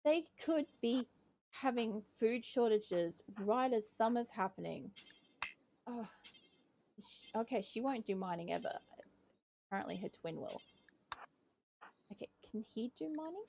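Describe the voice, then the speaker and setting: A woman's voice: on the high side, lively intonation, measured pace, vocal fry, long pauses, a little mellow, slight background noise. A young woman giving casual gameplay commentary as a streamer, rambling chattily, swearing and scolding her game characters.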